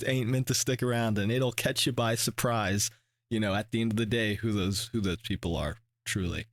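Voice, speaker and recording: A man hosting a reaction video, talking in a casual, rambling way with many restarts and fillers, and swearing when he gets animated. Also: fairly low pitch, moderate pace, dry recording. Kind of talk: casual reflective commentary.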